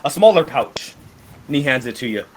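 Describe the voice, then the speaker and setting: A man's voice: mid-range voice, big pitch swings, fairly quick, slight background noise. A man narrating a tabletop game as game master, rambling with many restarts.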